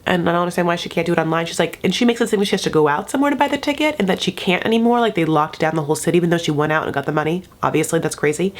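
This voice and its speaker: A woman's voice: fairly low pitch, animated, fast. A woman hosting a casual TV recap, chatty and sassy, with frequent side remarks. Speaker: YouTube recap host.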